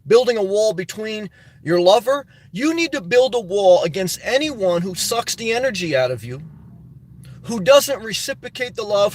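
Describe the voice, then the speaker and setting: A man with a notably high voice talks to his livestream audience in a motivational, preachy style. He hammers his points home by repeating them and addressing listeners directly. The sound is close and dry. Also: no echo. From New Jersey. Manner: preachy, emphatic, repetitive exhortation. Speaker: livestream host.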